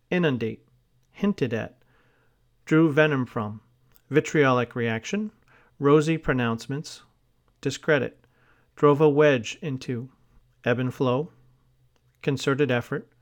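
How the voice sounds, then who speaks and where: Male reader, mid-pitched, very slow and deliberate delivery for a vocabulary list, spells words and flags hyphens.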